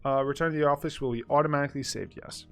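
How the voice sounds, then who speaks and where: A young man with a fairly high voice tells a story casually over gameplay, animated and laughing as he goes. His pace swings between rushed and drawn out. Faint game music plays behind him. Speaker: gaming YouTuber.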